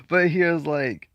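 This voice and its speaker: A man's voice: a little high, sharp tone, no room sound, muffled recording. A man with a Southern accent from Georgia, chatting casually and rambling through his movie collection, laid-back and a bit profane. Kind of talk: casual chat.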